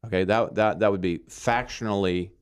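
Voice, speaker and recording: A man's voice: fairly low pitch, moderate pace, smooth. A man from Arkansas giving earnest, emphatic Christian teaching in conversation, often checking in with "okay?".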